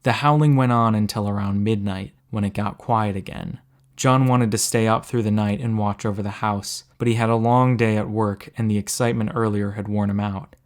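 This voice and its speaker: A man narrating a story aloud in a steady, measured way, slowing down for suspense. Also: lowish voice.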